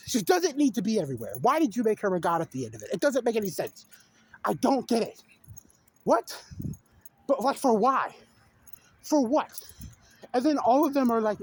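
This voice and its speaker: A young adult video creator rants to camera off the cuff, exasperated and incredulous, firing off repeated questions and the occasional swear word. Her voice is husky and medium-pitched, very animated at a normal speed, with long pauses in between.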